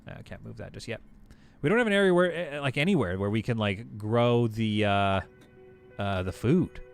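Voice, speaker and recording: A man's voice: lowish voice, animated, normal speed, creaky, clear, resonant tone, soft background music. A man streaming a game live, thinking aloud as he plays, chatting with viewers and laughing easily. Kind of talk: live gameplay commentary.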